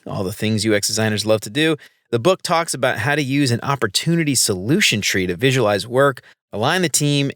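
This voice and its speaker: A male podcast host with a mid-range, slightly bright voice chats casually, sounding upbeat, laid-back and full of slang. The recording is dry, from a close microphone.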